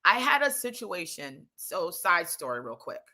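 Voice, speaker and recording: A woman telling a story in casual chat, animated and profane, rambling through asides. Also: on the low side, unhurried.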